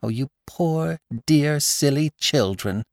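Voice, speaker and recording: A man voicing a kind young wife who speaks softly and sympathetically. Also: on the low side, expressive, moderate pace, dry recording, studio quality. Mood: pitying. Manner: soft and sympathetic.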